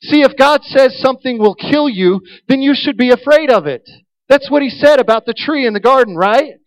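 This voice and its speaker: High-voiced storytelling preacher man. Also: moderate pace, rough recording. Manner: animated, humorous storytelling. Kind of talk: storytelling sermon.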